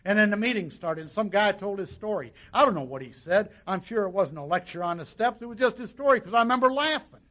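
A man with a notably high-pitched voice speaks to a meeting audience as he shares his own recovery story. He tells it in a folksy, conversational way and keeps acting out the dialogue of the people in it. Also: expressive, quick pace, hardly any pauses, a bit bright. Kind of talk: personal testimony to an audience.

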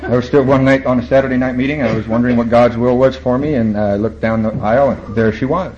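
A man tells his recovery story to a meeting, wry and self-mocking, acting out the voices of the people in it. His voice sits at an everyday pitch. The recording is dull and lo-fi, with a faint hum of room ambience behind it. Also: fairly even intonation, quick pace, darkish tone. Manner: wry, self-mocking, quotes and acts out others.

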